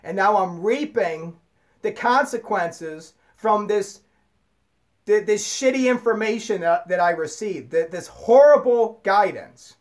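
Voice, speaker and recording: A man's voice: high voice, animated, a little slow. A man in an angry unscripted monologue, swearing constantly and stumbling over repeated words as he rants. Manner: profane, stammering ranting. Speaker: vlogger.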